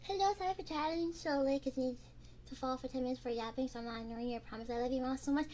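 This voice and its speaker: A young woman streamer chatting casually on a binaural microphone, excitable, laughing and swearing as she pleads with her chat. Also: sits high, rapid-fire, a little hiss or hum. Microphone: binaural ASMR microphone.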